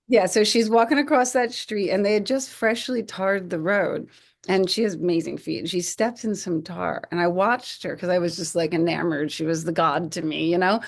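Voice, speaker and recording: A woman in her forties, a podcast guest, telling stories in an animated way, acting out quotes and often restarting her phrases. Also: mid-range voice, normal speed, gravelly. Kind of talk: conversational podcast storytelling.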